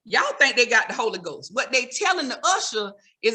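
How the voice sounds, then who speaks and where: A woman's voice: on the high side, brisk. A woman comedian doing stand-up, talking straight to her audience and teasing them. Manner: animated, teasing direct address to the audience.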